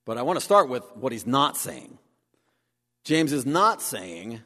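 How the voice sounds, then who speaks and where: A man preaching a sermon, animated, acting out the voices he quotes. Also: mid-range voice, slow, pauses often. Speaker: pastor. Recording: long hall reverb.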